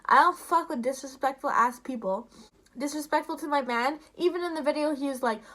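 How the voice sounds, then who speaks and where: A woman's voice: high-pitched, quick pace, a bit bright. A young woman YouTuber ranting to camera in a heated, profane, casual way, full of fillers.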